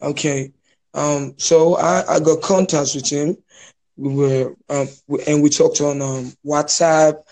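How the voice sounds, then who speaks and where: A young man from Nigeria with a Nigerian accent, chatting casually on a podcast, often pausing and restarting his sentences. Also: a little high, fairly even intonation, a little mellow. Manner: hesitant, many restarts and fillers. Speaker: podcast guest. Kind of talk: casual chat.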